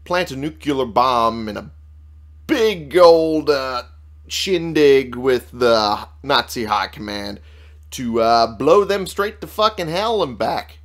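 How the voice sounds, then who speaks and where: A man's voice: mid-range voice, animated, slow pace. A young man with a Texas accent doing casual, sarcastic, profane gameplay commentary. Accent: Texan. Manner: profane, sarcastic, frequent fillers. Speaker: let's play streamer.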